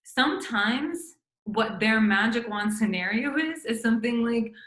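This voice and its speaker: A middle-aged woman with a bright, clear tone gives loose, chatty coaching to fellow doctors. She talks casually, stumbling through fillers and restarts, and slips into sample lines the way she would say them on a call. The room around her rings noticeably. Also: a little high, expressive, unhurried, reverberant, rough recording. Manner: conversational, many fillers and restarts, acts out sample phone lines. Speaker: physician coaching doctors on practice building. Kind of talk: casual instructional talk.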